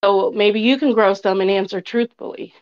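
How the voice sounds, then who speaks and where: A woman's voice: mid-range voice, normal speed. A woman calling into an online voice chat, accusing the host in a sarcastic tone. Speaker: caller. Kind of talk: casual voice chat. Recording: dull lo-fi voice chat audio.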